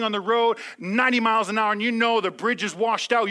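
A man preaching a sermon to a congregation. He speaks to them directly, and his delivery rises from calm teaching to loud, impassioned preaching. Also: sits high, brisk, hardly any pauses. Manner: addresses the audience directly, calls for responses. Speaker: pastor. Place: large room with a live congregation.

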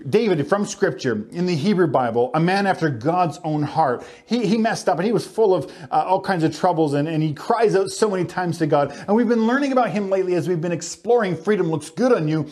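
High-voiced man preaching a sermon. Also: animated, a little mellow. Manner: earnest, swinging between slow emphatic phrases and quick asides. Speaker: pastor.

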